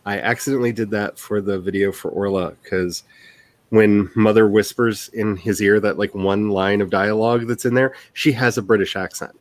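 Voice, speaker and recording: A man with a fairly low voice hosts a loose, rambling chat about writing. He pokes fun at himself and breaks into laughter often. The sound is close and dry, with no room echo. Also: steady tone, normal speed. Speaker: writer hosting a stream. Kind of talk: casual chat.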